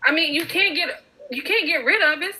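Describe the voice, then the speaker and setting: A woman's voice: extremely high pitch, normal speed, sharp tone, poor audio. A mother speaking with impassioned emphasis in a casual group discussion.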